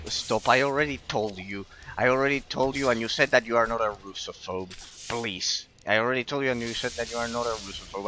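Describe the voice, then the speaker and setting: Guy streaming, bright forceful voice, keeps repeating himself and tripping over words. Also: medium pitch, a little hiss or hum. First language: Spanish. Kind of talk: casual stream chat with viewers.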